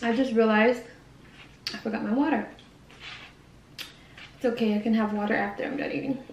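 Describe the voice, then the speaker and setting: A woman's voice: on the high side, steady tone, darkish tone, reverberant, a little hiss or hum, low-quality recording. A young woman vlogger chatting casually while eating, rambling and correcting herself as she goes. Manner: rambling, self-correcting, says she talks fast. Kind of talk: casual mukbang chat. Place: quiet room at home.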